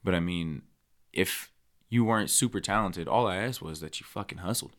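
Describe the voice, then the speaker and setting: A man's voice: sits low, moderate pace, fairly bright tone. A man co-hosting a podcast, talking bluntly and heatedly with heavy swearing in casual chat. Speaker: podcast co-host.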